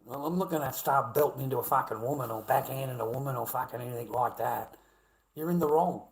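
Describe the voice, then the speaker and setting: A man's voice: mid-range voice, steady tone, quick pace. A middle-aged man with an Australian accent ranting bluntly at his live chat, swearing heavily and repeating himself. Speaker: livestreamer.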